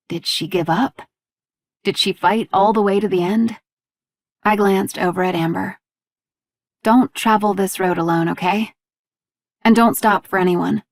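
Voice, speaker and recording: A woman's voice: medium pitch, creaky, no room sound, studio quality. A woman narrating an audiobook, reading the dialogue with small shifts between characters. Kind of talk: scripted narration.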